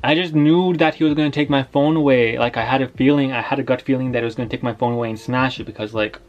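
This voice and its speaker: A man's voice: medium pitch, steady tone, fast talker, dull audio. A young man telling a story time in a casual, slangy, rambling way, filling his talk with "like".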